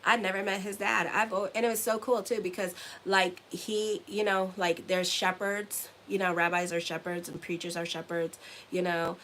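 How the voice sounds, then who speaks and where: A woman's voice: mid-range voice, flat delivery, normal speed, a bit bright, a little hiss or hum, low-quality recording. A woman giving a casual tarot reading to her viewers, rambling and chatty, often ending lines with "okay?". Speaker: tarot reader and astrologer.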